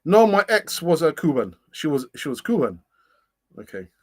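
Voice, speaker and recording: Very animated, with a fairly high pitch and a moderate pace, this middle-aged man hosts a fan channel's casual live stream. He reads comments out, chats, laughs a lot, and fills his thinking-aloud with fillers.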